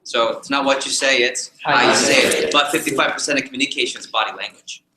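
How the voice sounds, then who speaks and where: A man teaching a live sales training session, animated and jokey, repeating his key points to the group. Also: mid-range voice, quick pace, reverberant, poor audio. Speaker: sales trainer leading a workshop.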